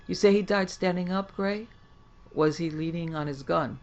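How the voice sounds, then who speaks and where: A woman's voice: lowish voice, normal speed, darkish tone, muffled recording, close to an everyday voice. A woman voicing a stern male Union officer who gives curt, commanding orders.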